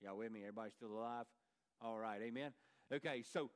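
A man's voice: mid-range voice, steady tone, quick pace, clean tone. A man, preaching a sermon as pastor in a folksy, conversational way, with asides to the congregation and repeated words.

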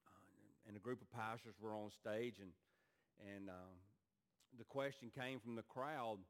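A male pastor preaching a sermon in a church to his congregation, earnest, rising to emphatic peaks and sinking low and quiet. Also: steady tone, measured pace.

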